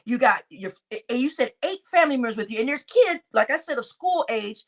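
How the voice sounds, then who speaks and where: High, lively woman ranting indignantly. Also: fairly quick. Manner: indignant, exclaiming, addresses chat. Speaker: livestream commentator. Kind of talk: ranting livestream commentary.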